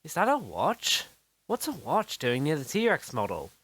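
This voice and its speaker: A woman's voice: low-pitched, huge pitch swings, a little slow, a bit bright, breathy edge, exaggerated voice. A person doing an eager young boy hero. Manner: eager, breathless. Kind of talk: homemade storybook voice acting.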